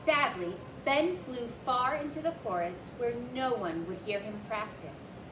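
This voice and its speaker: A woman reads a children's picture book aloud slowly and gently, then walks young listeners through a craft. Her voice sits a little high, and it echoes around the room with music playing behind her. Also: lively intonation, background noise. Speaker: children's librarian, story time host.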